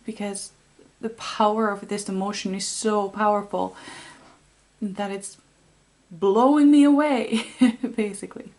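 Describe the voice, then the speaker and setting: A woman giving an intuitive tarot reading to her viewers, talking in a soft, heartfelt and rambling way. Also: medium pitch, a little slow. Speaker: tarot card reader.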